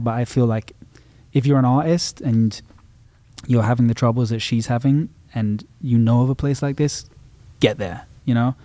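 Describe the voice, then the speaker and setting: Male musician guest, reflective and rambling, warm low-toned delivery, dry close sound. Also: no room sound. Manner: reflective, rambling with many restarts. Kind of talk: casual interview talk.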